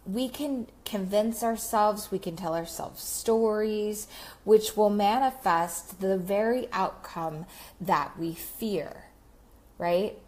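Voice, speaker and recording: A woman life coach talking on a Facebook Live, reflective and slow, with many fillers. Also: medium pitch, a little mellow.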